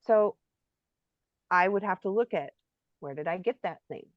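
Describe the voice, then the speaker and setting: A woman's voice: fairly low pitch, animated, a little slow, no echo. Reflective woman on a dull lo-fi mic. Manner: reflective, searching for words with frequent ums. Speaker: spiritual workshop co-host. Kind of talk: live Q&A discussion. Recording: dull lo-fi sound.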